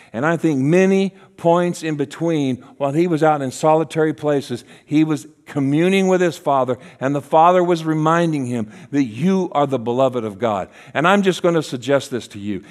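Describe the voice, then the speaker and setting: A man preaching a sermon as a guest speaker, acting out voices in his stories and dropping to a hush for key lines. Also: fairly high pitch. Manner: animated, acts out voices in quotes, drops to a hush for key lines.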